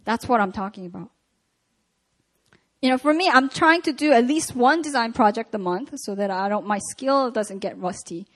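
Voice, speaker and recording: High-voiced woman preaching conversationally. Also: normal speed. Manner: conversational, animated retelling of scripture. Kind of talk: sermon at a prayer meeting.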